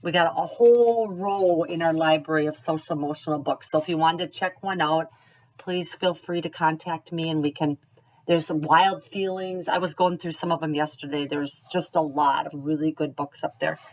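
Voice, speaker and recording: A middle-aged woman teaching parents in a gentle, encouraging, slow and clear way. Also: low-pitched, fairly even intonation, rough recording. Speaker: early childhood teacher. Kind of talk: instructional video for parents.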